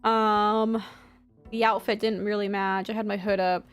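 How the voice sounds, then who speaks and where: A woman's voice: mid-range voice, measured pace, smooth, soft background music. A young woman vlogging from her desk at home, chatting casually and telling stories with lots of swearing. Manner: chatty, swears often, animated storytelling. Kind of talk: casual chat.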